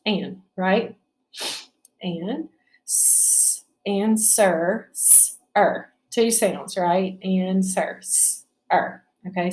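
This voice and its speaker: Slow patient woman teacher. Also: mid-range voice, darkish tone. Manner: patient, stretching out sounds, asking "right?". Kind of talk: slow spelling lesson for children.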